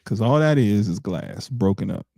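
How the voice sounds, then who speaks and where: A man's voice: on the low side, moderate pace, vocal fry, no echo. A man in his forties co-hosting a podcast, talking bluntly in casual chat. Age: 40s. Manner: blunt, animated, laughing and ranting. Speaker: podcast co-host.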